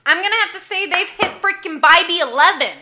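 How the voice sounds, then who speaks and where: A woman's voice: very high voice, fast, bright, forceful tone. A young woman guest chatting casually, bubbly and silly, laughing often. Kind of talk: casual chat.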